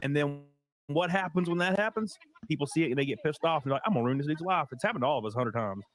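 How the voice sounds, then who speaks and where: A man with a Southern US accent, hosting a casual stream and telling animated stories with plenty of swearing. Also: fairly high pitch, fast talker. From American South. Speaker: streamer host. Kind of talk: casual chat.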